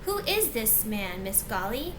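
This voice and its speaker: A woman's voice: fairly high pitch, sing-song, measured pace, background noise. A woman voicing an angry, protective father who speaks sternly and huffily. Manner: stern, huffy.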